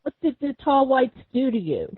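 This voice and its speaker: Probing woman interviewer, higher voice. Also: very animated, moderate pace, slightly rough. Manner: pointed, probing questions. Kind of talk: interview questions. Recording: dull lo-fi audio.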